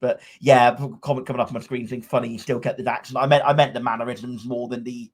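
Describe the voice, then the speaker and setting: A man's voice: medium pitch, flat delivery, quick pace. A man talks from home on a podcast call, wry and opinionated. He rambles through long points, restarting his sentences often as he goes. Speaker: podcast co-host. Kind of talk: casual podcast chat. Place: upstairs room at home.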